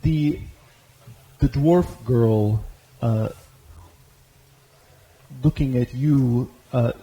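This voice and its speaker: A man's voice: medium pitch, drawn-out words, warm tone, slightly rough, highs cut off. A man narrating a tabletop game as game master, hesitant, with many filler sounds, on a convention stage.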